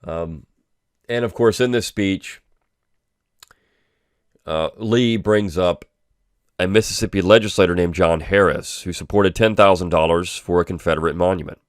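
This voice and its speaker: Deep-voiced man in dry casual commentary. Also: normal speed, pauses often, no echo. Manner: loose and conversational, with frequent ums and restarts. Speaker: host of a weekly review podcast.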